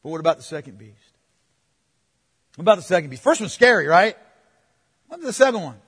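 A man preaching a sermon, moving between forceful proclamation and hushed, playful asides to the congregation. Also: high-pitched, sing-song, fast talker, husky, long reverb tail. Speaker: pastor.

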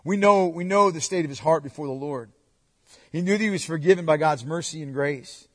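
A man preaching a sermon, emphatic, swinging between loud urging and hushed, quiet asides. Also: on the high side, a little fast, studio quality. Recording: long hall reverb.

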